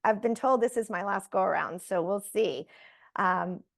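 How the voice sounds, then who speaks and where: A woman, a guest on an interview show, telling a personal story in a lively way and acting out the voices she quotes. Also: medium pitch, moderate pace, vocal fry. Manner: animated, acts out quoted voices.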